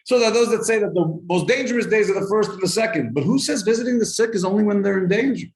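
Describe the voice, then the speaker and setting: A man with a high, fast voice, a rabbi, leads a live group through a lively Torah lesson. He tells stories, asks rhetorical questions and translates Hebrew quotations, and the sound is roomy.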